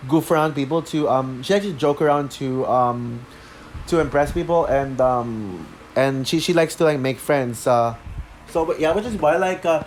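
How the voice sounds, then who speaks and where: Man, slightly high voice, stumbling unscripted review, lots of ums, faint hiss behind. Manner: halting, many fillers and restarts. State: out of breath. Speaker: show reviewer.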